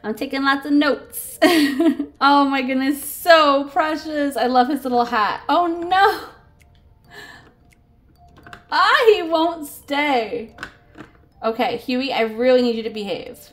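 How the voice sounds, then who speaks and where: A woman's voice: high voice, slow pace, pauses often, fairly bright tone. A woman hosting a casual toy unboxing, gushing and giggling over each cute figure.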